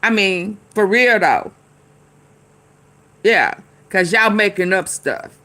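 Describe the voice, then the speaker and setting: A commentary streamer with a medium-pitched, expressive voice speaks slowly in a sharp tone. She reacts heatedly and casually to a news clip, talking back to both the screen and the commenters in her chat.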